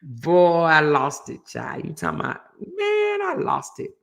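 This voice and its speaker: A woman hosting a casual chat show, telling a story with animated energy and reading out viewer comments. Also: sits low, a little slow, vocal fry. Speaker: host.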